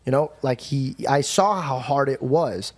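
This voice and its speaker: A man's voice: medium pitch, a little slow. A man hosting a casual podcast conversation, telling stories animatedly and laughing as he talks. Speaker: podcast host.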